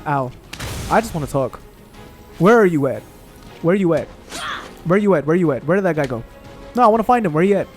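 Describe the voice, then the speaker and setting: A young man casually commentating his gameplay, excitable and profane, trash-talking enemies on screen. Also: a little high. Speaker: gaming channel host.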